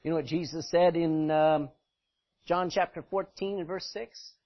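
A man preaching a sermon as pastor, animated, swinging from loud emphasis to quiet asides and laughing often. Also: a little high, a little slow. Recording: dull lo-fi recording.

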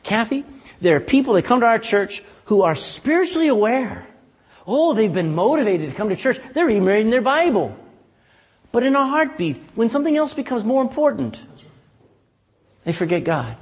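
Speaking at a normal speed, a man preaches a sermon in a high, strongly swinging voice, keeping it folksy and animated. He often calls "amen?" out to the congregation, and the church around him adds a long, lingering reverb.

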